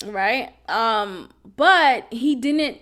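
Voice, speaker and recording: A woman's voice: on the high side, animated, extremely slow, a bit bright. A young woman hosting a podcast, telling a personal story in a blunt, casual way with slang and frequent laughter. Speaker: podcast host.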